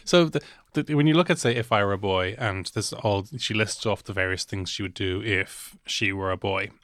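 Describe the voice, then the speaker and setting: A man's voice: on the low side, moderate pace, fairly bright tone, dry recording, studio quality. A man hosting a podcast, explaining grammar with hesitant restarts. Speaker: podcast host, teacher. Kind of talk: casual teaching chat.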